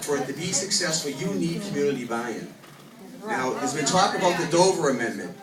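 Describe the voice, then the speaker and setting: A man's voice: fairly high pitch, lively intonation, brisk. A man, a state legislator, giving an impassioned speech at a public neighborhood meeting, at times raising his voice. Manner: impassioned, rising to raised voice. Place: large meeting hall with a crowd. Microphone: distant room microphone. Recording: echoey hall, far from the mic, crowd noise.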